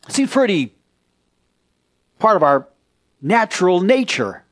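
A pastor preaching a conversational sermon in a church, turning to the congregation with questions. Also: male voice, high-pitched, sing-song, a little slow.

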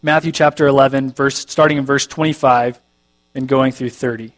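A pastor preaching a conversational sermon, reading scripture aloud and making self-deprecating jokes. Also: male voice, medium pitch, steady tone, moderate pace.

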